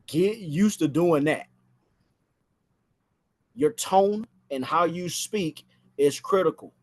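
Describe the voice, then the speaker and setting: A man's voice: a little high, takes it slowly, a little mellow. A man giving a casual spoken training on phone sales, talking from inside a house and repeating phrases for emphasis.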